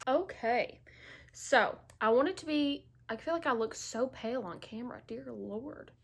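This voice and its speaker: A woman's voice: a little high, lively intonation, normal speed, vocal fry, slightly rough. A woman beauty vlogger chatting casually through a makeup tutorial, stuffy and a bit out of breath from allergies, full of "like" and "um". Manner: chatty, filler-heavy, lots of "like" and "um".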